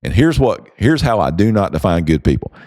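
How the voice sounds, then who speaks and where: A man with a very deep voice hosts a motivational podcast, pressing his points home with emphatic, preacher-like delivery. The sound is dry and close, with no room around it. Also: very animated, brisk, darkish tone, dry recording. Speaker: podcast host.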